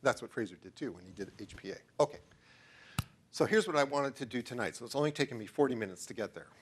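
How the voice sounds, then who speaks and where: A man's voice: medium pitch, lively intonation, quick pace, slight background noise. Enthusiastic man lecturing a live audience. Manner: enthusiastic, digressive, asks the audience questions. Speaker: researcher giving a talk.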